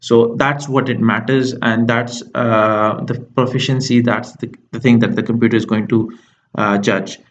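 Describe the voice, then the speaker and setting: A man's voice: mid-range voice, steady tone, normal speed, dull audio. A man explaining exam tips as a tutor, talking through each step with frequent ums and uhs.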